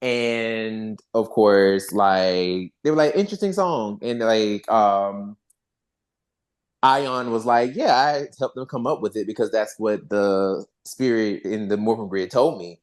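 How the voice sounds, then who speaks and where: A podcast host in casual fan chat, animated and profane, acting out characters' lines while recapping. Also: mid-range voice, slow pace.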